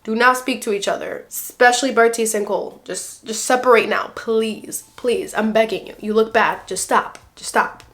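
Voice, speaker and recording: A woman's voice: a little high, steady tone, moderate pace, hardly any pauses, fairly bright tone. A young woman giving a casual, sassy reaction commentary on a reality show, full of fillers and mock quotes. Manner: sassy, lots of fillers, mocks people in quoted voices. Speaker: reaction vlogger.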